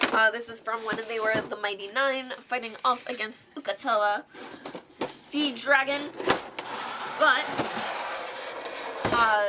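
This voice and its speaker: A woman hosting a casual show-and-tell vlog, gushing and excitable with plenty of filler words. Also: on the high side, heavy background noise. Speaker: guest host showing board game miniatures.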